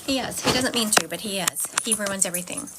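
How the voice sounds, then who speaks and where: A woman's voice: medium pitch, fast, heavy background noise. A woman psychic medium giving a live-stream reading at home, chatty and digressive, drifting into side stories.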